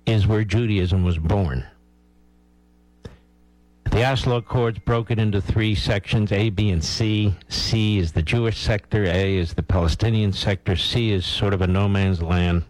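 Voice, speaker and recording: Man, talk radio host, very low voice, blunt, emphatic, dry close sound. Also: measured pace, pauses often, no room sound, low-quality recording. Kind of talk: opinionated talk radio monologue.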